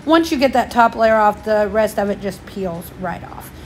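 A woman's voice: medium pitch, animated, moderate pace, a little hiss or hum. A woman, slightly out of breath, chatting through a step-by-step craft tutorial for her channel. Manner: chatty, homey, explains each step.

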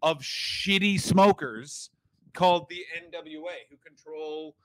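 A man's voice: on the high side, slow, a bit bright, dry recording. A man co-hosting a comedy podcast, rambling and riffing with mock outrage. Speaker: podcast co-host.

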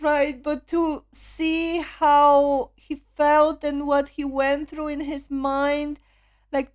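A woman hosting a music video reaction, talking emotionally with frequent awed exclamations. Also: high voice.

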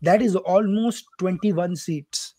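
A man's voice: high voice, takes it slowly, warm tone, slightly rough, dry recording. Man hosting a chatty political podcast. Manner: chatty, joking asides, walks through numbers. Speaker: podcast host. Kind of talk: casual political discussion.

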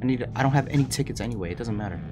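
A young man streaming a horror game, chattering to viewers in an excitable, panicky way. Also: medium pitch, rapid-fire, background noise. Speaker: gaming streamer. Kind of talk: horror game let's play commentary.

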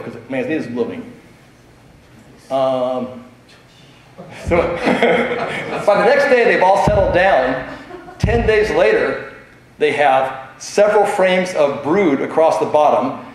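This middle-aged convention speaker has a voice on the high side and tells chatty stories in his talk, laughing frequently and filling gaps with um and uh. The setting is a large convention hall, and the recording carries strong echo plus a little hiss or hum.

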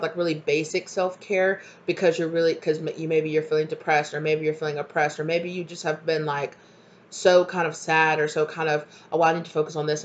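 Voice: medium pitch, muffled recording. A tarot reader giving a casual collective reading, rambling through many fillers in an earnest, encouraging way. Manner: rambling, frequent fillers and "you know".

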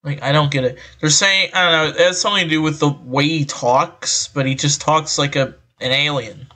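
Heard through a voice changer, a man works his way through an article, sighing a lot and adding rambling, fed-up commentary as an online commentator. He speaks at a moderate pace in a steady, sharp tone, pitched a little high.

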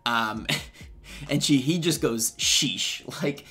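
A man's voice: mid-range voice, slow, fairly bright tone, husky, soft background music. A young man in his twenties, a YouTuber giving casual, slangy commentary on text messages and chuckling often.

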